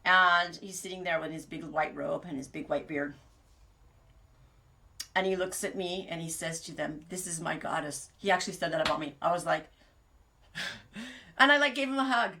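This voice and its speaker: A woman's voice: on the low side, normal speed, long pauses, pushed and bright, slight background noise. A woman hosting a podcast, chatting casually and rambling through stories, laughing at her own jokes. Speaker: podcast host. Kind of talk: casual chat.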